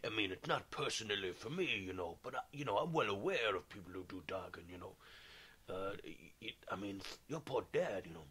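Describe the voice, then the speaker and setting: A man's voice: lowish voice, animated, a little fast, fairly bright tone, slightly rough. A man on a comedy podcast, talking mock-earnestly and hedging everything with "you know". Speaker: podcast co-host. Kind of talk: comic podcast chat.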